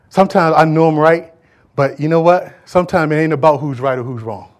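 Brief: middle-aged male pastor, lively sermon delivery, slightly high voice, loud-to-hushed swings. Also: fairly quick. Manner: animated preaching, swinging from loud to hushed, addressing the congregation.

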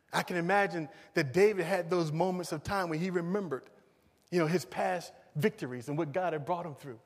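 A man preaching a sermon, moving from loud emphasis to hushed pleading. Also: high voice, normal speed, big-room sound.

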